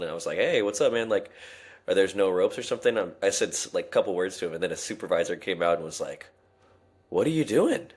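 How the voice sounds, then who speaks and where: A young man co-hosting a podcast, telling a work story in a rambling casual way with lots of fillers and restarts. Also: sits low. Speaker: podcast co-host. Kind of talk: casual chat.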